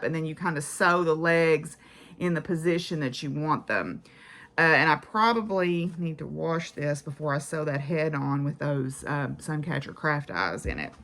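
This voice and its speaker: Chatty woman with a bright voice. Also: low-pitched. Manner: chatty, rambling, frequent "uh" and "so". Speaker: crafting vlogger. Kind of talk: casual chat about craft projects.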